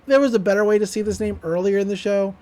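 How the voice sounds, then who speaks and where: A podcast co-host talks through a cartoon episode in an animated retelling, with giggles along the way. The voice sits at a middling pitch. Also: fast, a crowd in the background.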